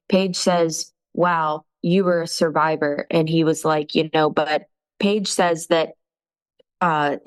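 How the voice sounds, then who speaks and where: A woman in tears, telling a painful personal story in halting speech full of pauses and restarts. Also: deep voice, rough recording. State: crying. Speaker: interviewee telling her story. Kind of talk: emotional personal testimony.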